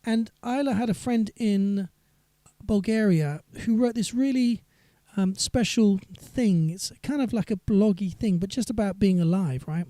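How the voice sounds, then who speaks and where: A man's voice: high-pitched, unhurried, mellow, no room sound. A singer-songwriter man chatting on a live stream between songs, rambling and reading viewer comments aloud.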